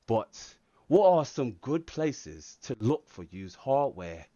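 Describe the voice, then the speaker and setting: A man's voice: medium pitch, big pitch swings, takes it slowly, mellow, no echo, lo-fi sound. Man hamming up a mock English accent. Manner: reads chat aloud, laughs often. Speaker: livestream host. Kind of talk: live stream Q&A chat.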